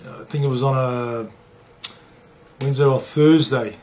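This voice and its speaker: A middle-aged man recalls his playing days in an interview. He talks plainly, swears freely and acts out what others said, at an everyday pitch. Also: fairly even intonation, normal speed, darkish tone, slight background noise. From New Zealand. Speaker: former rugby league player. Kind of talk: interview storytelling.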